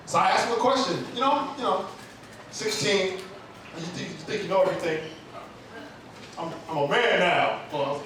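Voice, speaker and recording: A man with a high voice tells a funny personal story at a live open mic, animated and chatty and full of comic asides. He is caught by a camera from far off in a very echoey room with a clear hum of noise behind him. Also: fairly quick.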